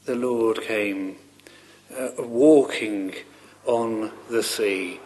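Earnest, halting preacher man, slow delivery. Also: on the low side, a little mellow, a little hiss or hum. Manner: halting and earnest, with frequent repeated words and restarts; fervent, rising on pleading questions. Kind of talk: sermon.

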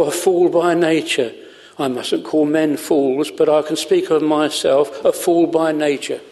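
A man preaching a sermon from the pulpit, slow and earnest, stretching out words for emphasis. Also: on the high side, gravelly, a little mellow, big-room sound. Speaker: pastor. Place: chapel.

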